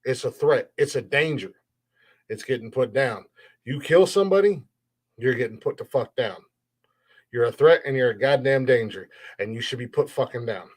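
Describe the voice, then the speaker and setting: A man's voice: medium pitch, expressive, moderate pace. A man hosting a solo podcast, ranting bluntly and profanely in a heated, restarting way. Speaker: podcast host. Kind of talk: opinionated solo podcast rant.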